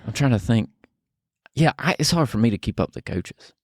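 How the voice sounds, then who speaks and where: A man's voice: mid-range voice, expressive, a little mellow, no room sound. Guy cohosting a sports pod, jokey, laughs a lot, dry close sound. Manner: joking, laughs at his own jokes, drawn-out storytelling. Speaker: podcast co-host. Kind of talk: casual sports chat.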